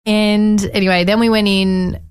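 A woman's voice: medium pitch, normal speed, smooth. A woman in her twenties, a guest in a casual chat, telling her story openly and chattily, acting out what people said with lots of "I was like" quotes. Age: 20s. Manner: chatty and animated, acts out others' words with many "I was like" quotes.

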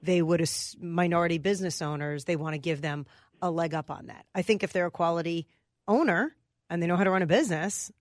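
A woman's voice: on the low side, brisk, dry recording, studio quality. A woman co-hosting a radio show, chatting in an easygoing way and thinking aloud with hedges. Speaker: radio co-host. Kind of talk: casual radio chat. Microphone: studio microphone.

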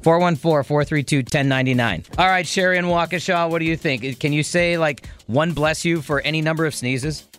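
A man hosting a call-in radio show, telling a story in a chatty, animated way. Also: a little high, brisk, hardly any pauses, faint music behind. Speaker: radio host.

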